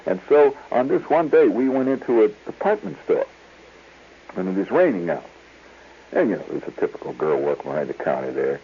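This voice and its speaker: On a tinny 1970s radio broadcast with slight background noise, a male host with a lowish, creaky voice speaks briskly and very animatedly. He chuckles his way through a rambling, digressive story.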